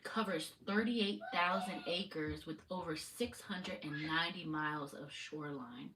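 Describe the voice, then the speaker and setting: Low-voiced woman rambling on a livestream. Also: a little slow. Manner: rambling, loose and swearing. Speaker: spiritual reader on a livestream. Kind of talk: casual live-stream chat. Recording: distant mic with faint noise.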